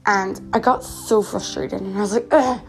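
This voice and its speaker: A woman's voice: medium pitch, fairly even intonation, moderate pace, creaky, soft background music. Chatty teenage girl, slightly sick. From Canada. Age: teens. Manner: chatty, earnest, many fillers and restarts. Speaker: podcast host. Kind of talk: casual personal podcast monologue.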